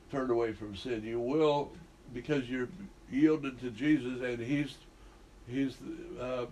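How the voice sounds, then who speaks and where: A man's voice: medium pitch, darkish tone. A man leading a group Bible study, talking conversationally and quizzing the group with questions.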